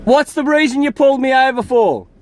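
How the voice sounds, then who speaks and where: A man's voice: very high voice, fairly quick, slight background noise. An irate man with an Australian accent, arguing with police at the roadside and swearing heavily. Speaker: motorist stopped by police. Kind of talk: heated roadside argument. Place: outdoors by a road.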